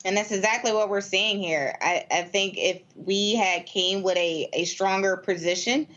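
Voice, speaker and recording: An American woman panelist on a political talk show, speaking in a measured way with fillers and restarts. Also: mid-range voice, fairly bright tone, dull audio. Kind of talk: political discussion.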